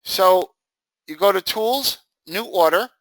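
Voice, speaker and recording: A man teaching a live trading software session, talking casually and acting out his students' reactions with jokes. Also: high voice, slow, no room sound, low-quality recording. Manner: animated, jokey, acts out students' reactions. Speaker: trading instructor. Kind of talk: live screen-share training session.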